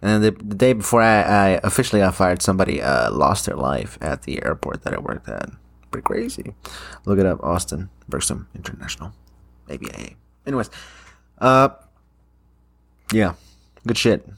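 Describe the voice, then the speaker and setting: A man's voice: sits low, sing-song, moderate pace, creaky, pauses often, a bit bright. A young man, rambling casually to camera, swearing often and trailing off into fillers. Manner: rambling, swears a lot, many fillers and restarts. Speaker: vlogger.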